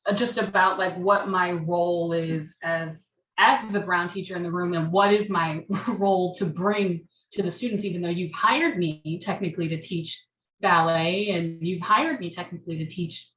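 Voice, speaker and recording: American woman dance teacher musing out loud, kinda far off and echoey, muffled call audio. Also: lowish voice, moderate pace. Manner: thoughtful, restarts, laughs self-consciously. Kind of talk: personal reflection on a video-call forum. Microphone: video call. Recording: roomy, distant, dull video-call audio.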